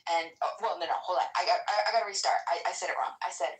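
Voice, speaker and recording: A woman telling a personal story in a casual chat, animated and full of fillers, often slipping into breathy whispers. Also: medium pitch, very fast, few pauses, roomy sound, distant mic, rough recording. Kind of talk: casual storytelling on social audio.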